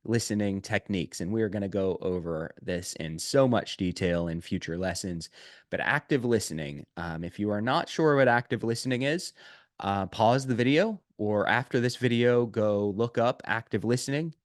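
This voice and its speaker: A man teaching a video lesson on sales prospecting, talking emphatically, repeating his key points and pausing on "uh" and "um". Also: fairly low pitch, no room sound, clean studio sound.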